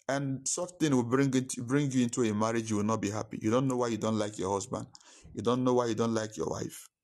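A man's voice: on the low side, a little mellow. A man preaching a sermon, stressing points and repeating key phrases.

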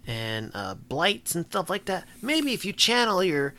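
A man's voice: high-pitched, big pitch swings, a little slow, bright, forceful tone. A man playing in a tabletop game, musing hesitantly about ideas. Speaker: player.

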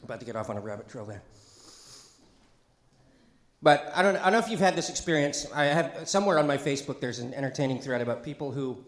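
A middle-aged male pastor delivers a loose, conversational sermon in a church. He jokes, wanders into asides and calls out to the congregation for responses, with a voice of ordinary pitch. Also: lively intonation, fast, echoey room. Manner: chatty and joking, with asides and call-and-response. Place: church sanctuary.

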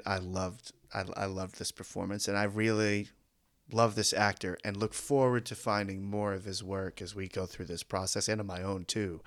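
A man's voice: on the low side, a bit bright. Enthusiastic man chatting about films. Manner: enthusiastic, laughs often, swears casually. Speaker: podcast co-host. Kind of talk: casual film discussion.

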